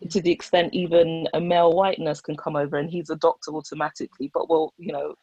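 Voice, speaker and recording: Young woman doctor, low voice, earnest storytelling, dull dry sound. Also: fairly even intonation, fast, darkish tone, breathy edge, no echo. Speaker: doctor, guest speaker. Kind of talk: casual discussion.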